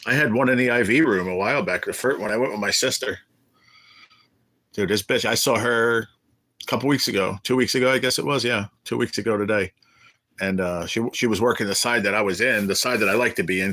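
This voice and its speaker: A man's voice: lowish voice, fairly quick, bright, forceful tone, no room sound. A middle-aged man hosting a casual livestream, telling blunt, profane stories and answering chat. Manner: blunt, profane storytelling, reading chat aloud. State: sick, undergoing cancer treatment. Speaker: livestream host. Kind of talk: casual live-stream chat. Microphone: phone or webcam.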